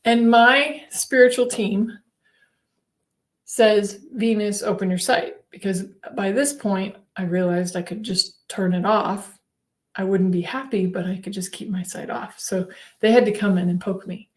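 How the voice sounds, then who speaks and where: A woman hosting a spiritual livestream, telling her story casually and animatedly with frequent laughs. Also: a little slow. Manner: chatty, laughs often between sentences; animated, swings her voice up high when acting out her own replies.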